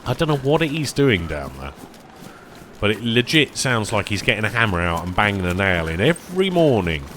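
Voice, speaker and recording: A man chatting casually while streaming a survival game, tired and rambling, easily excited by small finds. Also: on the low side, fairly quick, slight background noise. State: tired, yawning. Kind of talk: casual live-stream commentary.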